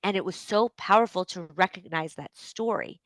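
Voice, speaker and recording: A woman with a Canadian accent hosting a solo advice podcast, talking conversationally with frequent fillers and a gentle, reflective manner. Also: lowish voice, normal speed, dry recording. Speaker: podcast host and coach.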